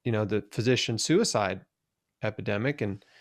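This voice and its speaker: A man's voice: on the low side, normal speed. Chatty male podcast host. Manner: chatty, many fillers. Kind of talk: casual interview chat.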